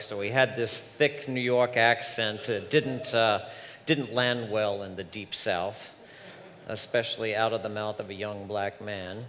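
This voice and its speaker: A man's voice: mid-range voice, a bit bright. Man preaching a story-filled sermon in a hall. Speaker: minister. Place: large church sanctuary. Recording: reverberant hall, faint ambience.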